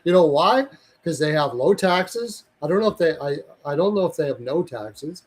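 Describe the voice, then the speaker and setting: A man's voice: on the high side, lively intonation, moderate pace, husky, poor audio. Blunt, profane man ranting casually. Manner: blunt, profane, rambling with self-corrections. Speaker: hockey podcast host. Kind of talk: casual opinionated chat.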